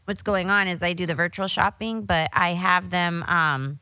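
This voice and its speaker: Bright-voiced woman telling a profane story. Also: fairly low pitch, moderate pace, no echo, low-quality recording. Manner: profane, animated storyteller acting out quotes. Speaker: podcast host. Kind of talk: casual storytelling chat.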